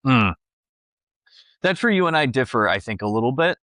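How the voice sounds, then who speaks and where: A man's voice: mid-range voice, big pitch swings, moderate pace, fairly bright tone, dry recording. A man co-hosting a podcast, arguing his view in a casual debate, hesitant and full of restarts. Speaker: podcast co-host.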